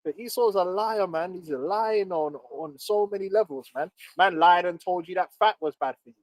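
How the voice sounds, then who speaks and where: A man holds forth on a live chat stream, heated and profane, jabbing at each point. His voice sits high for a man, and the sound is close and dry with no room around it. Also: moderate pace, no echo, low-quality recording. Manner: emphatic, profane, animated ranting. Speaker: livestream co-host.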